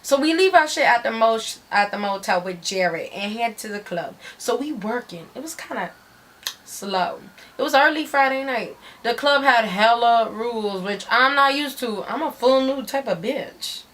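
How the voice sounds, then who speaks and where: A woman's voice: on the high side, animated, normal speed, a bit bright, a little hiss or hum. A woman giving a dramatic story reading in a brash, profane, slangy way.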